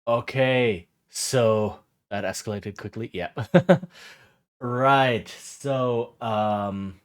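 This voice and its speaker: A man's voice: mid-range voice, extremely slow, smooth. A man streaming a game, chatting casually and thinking aloud in a rambling way.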